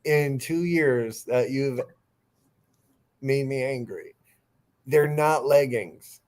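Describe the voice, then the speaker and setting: A man's voice: medium pitch, takes it slowly, a little mellow. Middle-aged guy from jersey cohosting a stream, wry, kinda embarrassed, pushing back. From New Jersey. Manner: sheepish, wry, embarrassed protests. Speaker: co-host. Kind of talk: casual live-stream chat.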